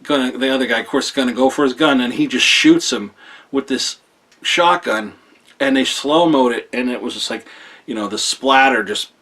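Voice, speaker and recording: A man at an ordinary, mid-range pitch talks through a film review in a loose, unscripted way. He piles up fillers, restarts his sentences and drops casual swear words as he goes. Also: fairly bright tone, slightly rough. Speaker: movie reviewer.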